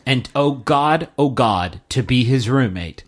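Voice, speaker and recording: A man's voice: medium pitch, lively intonation, slow pace. A man co-hosting a comedy podcast in casual chat, swearing freely and riffing with playful bits. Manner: profane, riffing, jumps into silly put-on voices. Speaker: podcast co-host.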